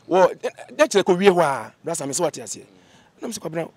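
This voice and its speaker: A Ghanaian man, an interview guest, telling a grievance story with energy and acting out what others said in lively voices. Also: fairly high pitch, quick pace, no room sound. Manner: animated, acts out quoted dialogue. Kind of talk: emotional storytelling. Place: outdoor location away from the studio.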